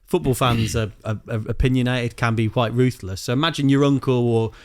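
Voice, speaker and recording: Man, podcast host, casual chat, restarts his questions, mid pitch. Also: steady tone, brisk, a little mellow. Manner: chatty, stumbling over questions.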